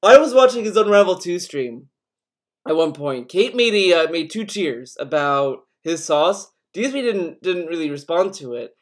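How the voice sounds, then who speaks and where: A man's voice: a little high, sing-song, moderate pace. A man hosting a casual podcast stream, rambling through chat topics with frequent swearing and restarts. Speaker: podcast host reading chat.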